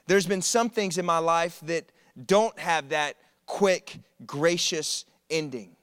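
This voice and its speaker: A man preaches to a college crowd, telling his own stories with humor and energy. His voice sits high and bright. The sound is close and dry. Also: takes it slowly, clean tone, dry recording. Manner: animated, conversational storytelling with humor. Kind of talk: sermon. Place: church service.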